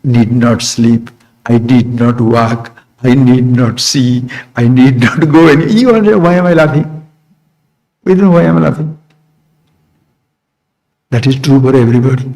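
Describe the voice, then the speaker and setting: At a moderate pace with frequent pauses, a man delivers a spiritual talk on a rough recording. He leans on brief, repeated phrases and questions he doesn't expect answered, shifting from soft comments to abrupt bursts of strong emphasis.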